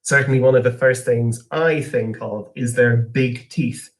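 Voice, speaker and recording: A man's voice: medium pitch, steady tone, unhurried. A man, a science communicator giving a live online lesson for young people, asking viewers to type their answers.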